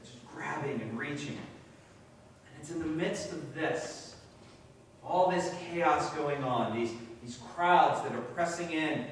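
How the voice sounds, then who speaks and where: Male New England pastor, casual halting sermon delivery, recorded from a distance in a very reverberant sanctuary with faint ambient noise. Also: a little high, a bit bright. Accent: New England American. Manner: conversational preaching with fillers and repeated words. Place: church sanctuary. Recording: very echoey church from a distance.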